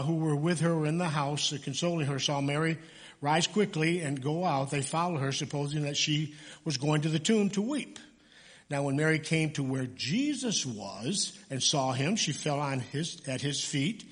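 A man's voice: a little high, in a large hall. A male pastor giving a sermon in church, talking in a loose, conversational way, often stopping to correct himself and joking with the congregation.

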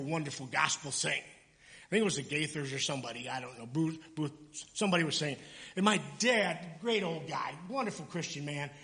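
A middle-aged man preaching a sermon, animated and conversational, with chatty asides. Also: on the high side. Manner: animated, acts out voices in quotes, conversational asides. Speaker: pastor.

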